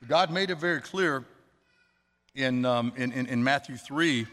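Earnest preacher in a reverberant hall. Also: male voice, medium pitch, bright, forceful tone. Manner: earnest, drawn-out emphasis, quoting scripture. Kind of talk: sermon.

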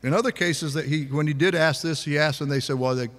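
A man preaching a sermon in a relaxed conversational way, asking the congregation questions. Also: fairly high pitch, quick pace, big-room sound. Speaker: pastor.

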